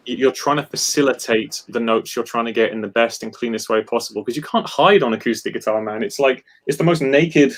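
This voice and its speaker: Guitar guy on a live video call, rambly and animated, lots of restarts, mid-pitched voice. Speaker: guest guitarist. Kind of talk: casual technical chat.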